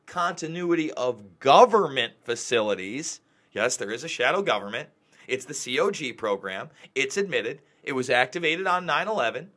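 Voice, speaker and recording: Agitated ranting male host, bright high voice. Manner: agitated, ranting, emphatic repetition. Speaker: news show host. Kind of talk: live commentary monologue.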